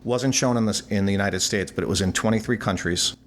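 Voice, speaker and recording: A man in his sixties, a musician guest in an interview, telling stories with animated energy and acting out the voices in his anecdotes. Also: lowish voice, fast talker, slight background noise. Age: 60s. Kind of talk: storytelling interview.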